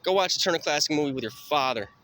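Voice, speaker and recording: Very fast and animated, a man with a slightly high, sharp voice rambles through a night-walk vlog on a city street. He swears constantly in a stream-of-consciousness monologue, with faint street noise and cars passing.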